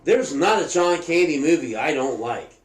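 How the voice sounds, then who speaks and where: A man co-hosting a casual podcast chat, excitable and swearing constantly as he gushes about things he loves. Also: a little high, normal speed. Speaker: podcast co-host. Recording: echoey room with faint ambience.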